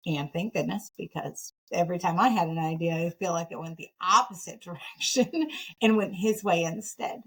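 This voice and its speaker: A woman from Michigan, a podcast guest, telling her story in a casual, animated, self-deprecating way with frequent laughter. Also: lowish voice, moderate pace, slightly rough, rough recording. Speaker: podcast guest, nonprofit founder.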